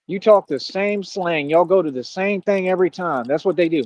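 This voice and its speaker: A man's voice: sits high, moderate pace, darkish tone, no echo. A man giving a boastful, confrontational livestream rant, full of challenges to his critics. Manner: boastful, confrontational, repeats "what are you talking about". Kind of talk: ranting livestream monologue.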